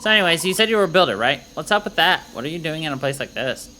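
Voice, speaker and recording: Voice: medium pitch, expressive, rapid-fire, sharp tone, slight background noise, pitched above the performer's own voice. A streamer doing a brash valley-girl soldier girl. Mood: hyped. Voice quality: valley-girl slang, bubbly. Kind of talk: reading game dialogue aloud.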